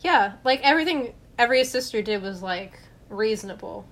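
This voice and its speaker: A young woman chatting with friends in an earnest, emotional way. Her voice sits a little high. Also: lively intonation, a little fast, a bit bright. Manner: earnest, emotional, easily moved. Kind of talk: casual chat.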